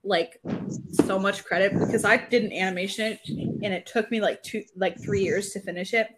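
A young woman co-hosting a casual podcast, giggly and flustered, laughing often between slow, rambling remarks. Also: mid-range voice, steady tone, over a noisy crowd. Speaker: podcast co-host.

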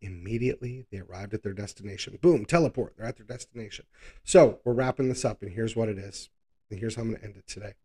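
A man's voice: lowish voice, quick pace, warm tone, husky. A man hosting a live Bible study, talking through scripture in a conversational, reflective way.

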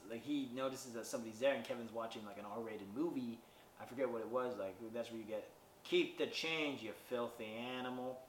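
A man casually recapping a movie on his podcast, rambling with lots of fillers and wry asides. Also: mid-range voice. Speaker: podcast host reviewing a movie. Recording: roomy sound, distant from mic, faint background noise.

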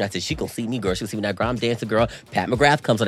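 A podcast co-host tells a story in casual chat, racing along with hardly any pauses. He's very animated, his voice swooping high when he gets excited, and he calls everyone "girl".

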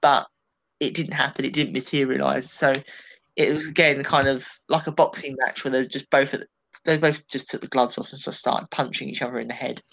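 A man talking politics on a casual podcast, his opinions tumbling out in a loose, rambling flow. He speaks at an everyday pitch and turns animated as he works through his points. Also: fairly quick, creaky, poor audio. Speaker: political commentator.

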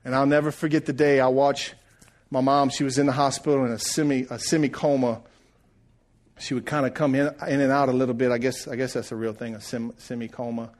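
A middle-aged man preaching a sermon, rising loud and then dropping to a hush. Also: medium pitch, level tone, a little fast. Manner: preaching, swells loud then drops to hushed. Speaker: pastor.

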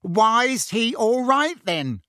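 A man's voice: sits high, sing-song, slow, dry recording, clean studio sound, pitched above the performer's own voice, full character voice. A man doing a roaring, blustering middle-aged uncle. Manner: loud, roaring and indignant. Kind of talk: audiobook character voice.

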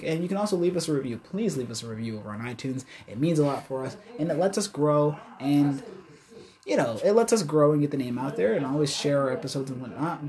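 A woman's voice: deep voice, warm tone. A woman hosting a podcast in casual chat, joking and cursing. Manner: joking, acts out voices, curses. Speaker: podcast host.

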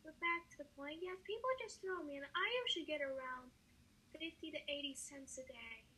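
A woman voicing a dreamy, overemotional street harmonica player in a comedy sketch, talking softly and rambling, then breaking into tearful wails. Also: sits high, brisk, low-quality recording. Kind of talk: comedy sketch role-play.

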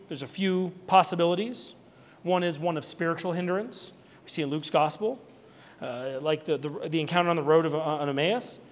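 Man, pastor, casual animated sermon, high voice, echoing hall. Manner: conversational, animated preaching with asides and jokes. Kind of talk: Easter sermon.

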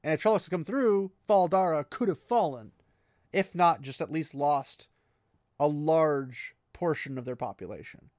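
This podcaster's fairly high, slightly mellow voice moves with lively intonation at a moderate pace as he casually walks through a fantasy novel chapter. Chatty and full of "he's like" asides, he laughs at the text, and the studio-quality audio has no room sound.

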